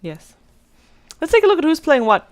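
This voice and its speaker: A woman's voice: high voice, very animated, moderate pace. A woman casting a live esports match as play-by-play commentator, chatty and thinking aloud. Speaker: esports caster.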